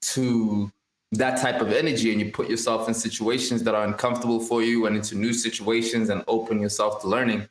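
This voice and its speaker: A man's voice: on the low side, reverberant. A man co-hosting a casual podcast, talking with energy about life and mindset, mixing in street slang. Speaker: podcast co-host.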